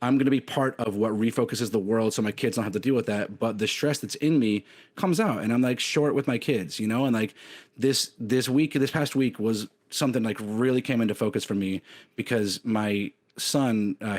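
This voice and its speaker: A man's voice: fairly low pitch, normal speed, darkish tone. A man in his thirties co-hosting a podcast, talking candidly in a rambling way, full of fillers and restarts. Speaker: podcast co-host. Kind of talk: casual chat.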